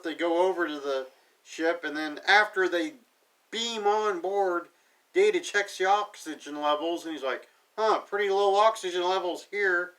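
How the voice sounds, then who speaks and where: A man's voice: sits high, fairly bright tone. Sarcastic man recapping, mic at a distance. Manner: sarcastic, paraphrases characters offhandedly. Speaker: TV episode reviewer. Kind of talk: casual episode recap.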